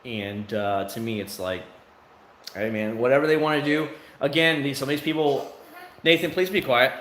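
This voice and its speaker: A livestream host sits outside his home answering viewers in a loose, candid chat full of filler words. He speaks at normal speed in a medium-pitched voice with little pitch movement, and the roomy audio carries slight hiss or hum.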